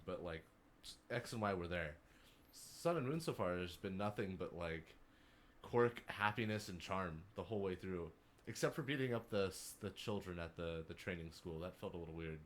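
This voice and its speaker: A man co-hosting a podcast, chatting casually about video games and riffing with dark jokes. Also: low-pitched, slight background noise. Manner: animated, darkly joking rambles. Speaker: podcast co-host. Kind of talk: casual gaming chat.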